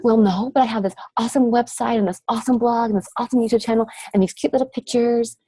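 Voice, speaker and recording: A woman's voice: on the high side, fairly even intonation, quick pace, warm tone, husky, dry recording, voice pushed up. Woman putting on a whiny struggling coach. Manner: whining, breathless list of excuses.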